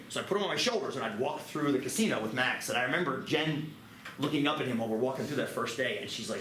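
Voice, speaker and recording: A man teaching a math class, lively and joking, with quick asides to his students. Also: medium pitch. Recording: roomy classroom, mic at a distance, background noise.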